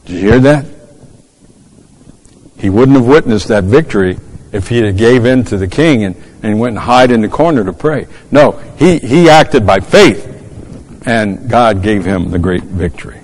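A man's voice: fairly low pitch, animated, moderate pace, darkish tone. A man preaching a fervent sermon, repeating words as he goes and quoting scripture in old-fashioned English. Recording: long hall reverb.

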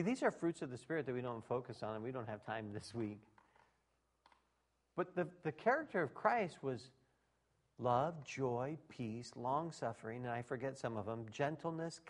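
A man preaching a sermon in a lively, folksy style. His pitch swings widely as he moves from quiet reflection to loud, acted-out exclamations. He speaks at an ordinary middle pitch. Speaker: pastor.

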